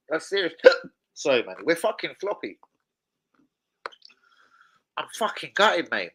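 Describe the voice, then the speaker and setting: A man ranting through a live football watch-along, cursing non-stop and jumping from mutters to shouts. His voice is bright and cutting, and it swings widely in pitch. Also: sing-song, takes it slowly, long pauses, slight background noise. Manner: sweary, exasperated, bursts of shouting. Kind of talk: casual live football reaction.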